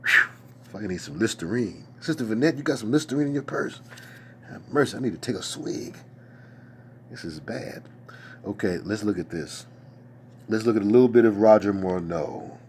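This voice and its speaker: Low male host, very expressive, casual desk chat with faint background hiss. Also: moderate pace, long pauses. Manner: animated, exclamatory, reads viewer comments aloud. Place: at a desk at home.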